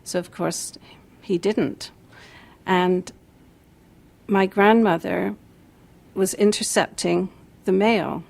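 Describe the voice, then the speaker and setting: A woman speaking to camera in a reflective way with soft asides. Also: medium pitch, steady tone, slow pace, creaky. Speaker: interviewee. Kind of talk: to-camera personal storytelling.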